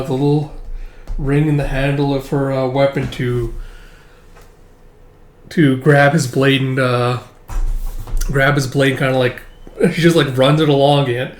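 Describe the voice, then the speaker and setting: A man casually recapping a manga chapter, rambling and swearing, with lots of fillers. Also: mid-range voice. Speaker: manga reader and commentator. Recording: roomy echo.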